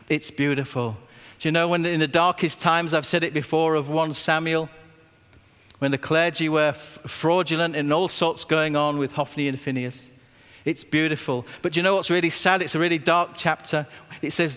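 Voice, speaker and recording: A man, a pastor preaching a sermon with stories and emphatic repetition, slowing down when he quotes scripture. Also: fairly high pitch, fairly bright tone. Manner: anecdotal, emphatic, slows down on scripture. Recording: long reverb of a hall.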